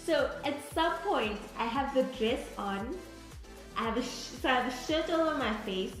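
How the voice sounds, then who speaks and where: A woman's voice: high-pitched, lively intonation, moderate pace. A woman, dramatically retelling a story in casual chat, with restarts and bursts of laughter. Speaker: co-host of a couple's channel. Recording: very echoey room with faint music.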